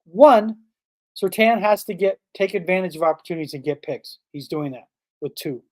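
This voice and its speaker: A man's voice: high voice, expressive, normal speed. A man hosting a sports podcast, talking in a casual, emphatic way and firing off rhetorical questions. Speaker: podcast host.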